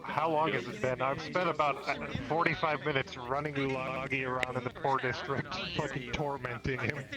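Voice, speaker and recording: A man's voice: medium pitch, steady tone, normal speed, few pauses, crowd noise. A man casually telling a story about his role-play session, quoting the other characters.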